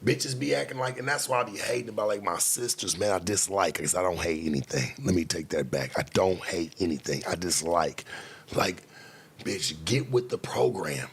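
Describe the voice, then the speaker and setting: A man hosting a late-night show, talking in a blunt, profane casual monologue with sudden loud outbursts. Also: sits low, brisk, hardly any pauses, breathy edge.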